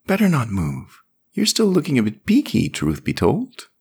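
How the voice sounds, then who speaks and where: A man voicing a kindly older male priest who speaks with gentle pastoral concern. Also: medium pitch, huge pitch swings, moderate pace, husky, voice pushed up, full character voice. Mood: gently concerned. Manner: warm, soothing pastoral concern. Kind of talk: audiobook character reading.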